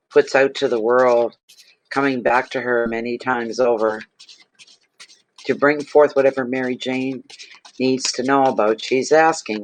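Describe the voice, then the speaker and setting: A man's voice: mid-range voice, a little hiss or hum. Gushing man reading tarot cards. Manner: effusive, exclaims and gushes over cards. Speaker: tarot reader. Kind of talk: casual tarot reading vlog.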